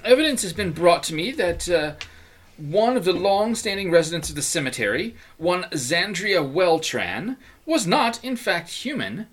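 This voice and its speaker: A man doing a grim, dour priest who keeps the dead, voice pushed low and flat, slow and heavy with every word, the solemn graveyard keeper of a tabletop game, a bright tone left in the sound, as the game master puts him on. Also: a little hiss or hum, heavily acted. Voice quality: deep low monotone.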